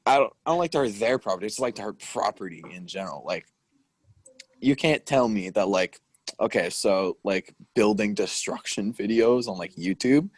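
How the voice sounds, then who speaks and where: A young man with a husky, somewhat low voice chats casually as a podcast co-host. He rambles, fills every gap with "like" and keeps correcting himself. The sound is dry and close. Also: lively intonation, moderate pace, dry recording. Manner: rambling, lots of filler "like", self-correcting. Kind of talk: casual chat.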